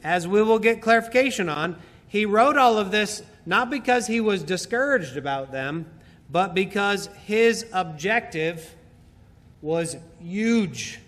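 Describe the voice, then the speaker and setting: Slow, bright-voiced preacher in a reverberant hall. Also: male voice, high voice, expressive. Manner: slow, emphatic Bible exposition, repeating key phrases. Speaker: pastor. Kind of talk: sermon.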